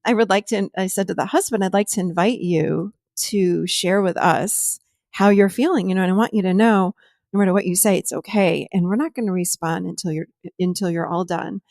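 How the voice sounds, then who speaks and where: Animated woman podcast host, dry close sound. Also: mid-range voice, fairly quick, creaky, no room sound. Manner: animated storytelling, laughs while talking. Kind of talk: casual chat.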